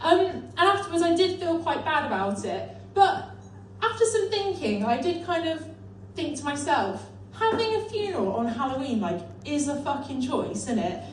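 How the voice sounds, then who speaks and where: A young woman from North Devon performing stand-up with a dry, self-deprecating wit and casual swearing. Her high voice rings through a very echoey comedy club. It is heard from some distance, over faint room noise. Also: sing-song, normal speed, few pauses. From North Devon, England.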